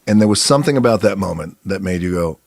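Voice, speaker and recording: A male podcast host with a fairly low voice who leads the interview. He keeps his guest talking with prompts and steady short affirmations. The sound is close and dry. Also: fast talker, vocal fry, no echo. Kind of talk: casual interview.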